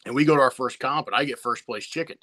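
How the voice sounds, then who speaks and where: A man's voice: mid-range voice, fast talker, sharp tone, no room sound. A man who competes in barbecue, telling his story to a podcast host in a laid-back way, swearing freely and often restarting his sentences. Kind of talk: casual storytelling interview.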